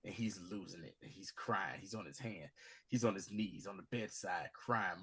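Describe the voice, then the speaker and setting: A guy hyped up recapping a show, acts out all the parts, swears a lot, super lively voice. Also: low voice, moderate pace, slightly rough. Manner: acts out scenes in dramatic voices, swinging from shouting to hushed; profane, street slang. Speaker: podcast host recapping a TV episode. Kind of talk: animated casual recap.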